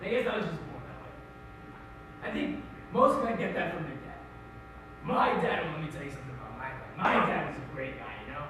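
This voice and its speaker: A teenage boy performing a monologue as a middle-aged Irish-American man, telling his story in an animated, wry and emotional way. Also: fairly high pitch, fairly quick, noisy background. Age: teens. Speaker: high school forensics performer. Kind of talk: competitive dramatic monologue. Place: school auditorium stage. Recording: echoey hall, distant mic.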